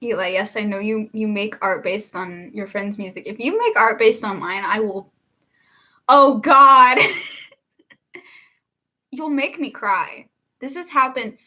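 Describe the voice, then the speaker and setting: A woman's voice: medium pitch, normal speed, bright, forceful tone. A young woman, a singer-songwriter hosting a casual livestream, chatting, laughing often and reading viewer comments aloud.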